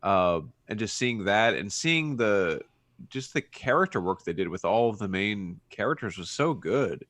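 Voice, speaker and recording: Man, low voice, casual podcast chat, rambling, dry close sound. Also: measured pace, no echo. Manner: rambling, searching for words, animated when puzzled. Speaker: podcast co-host. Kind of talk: casual movie discussion.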